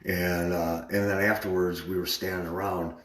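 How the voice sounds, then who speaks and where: A man's voice: deep voice, flat delivery, normal speed, fairly bright tone, roomy sound. A man on a casual live stream, animatedly retelling an argument, repeating himself and acting out what others said.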